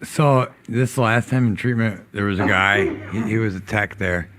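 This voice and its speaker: A man's voice: lowish voice, fairly even intonation, moderate pace, crowd noise. A man co-hosting a casual recovery podcast, earnest as he shares stories and reads listener comments. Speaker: podcast co-host.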